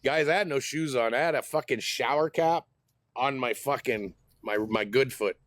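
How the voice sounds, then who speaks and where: A man's voice: mid-range voice, moderate pace, fairly bright tone, no echo. A middle-aged man, telling a heated, profane story in a casual vlog rant. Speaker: host.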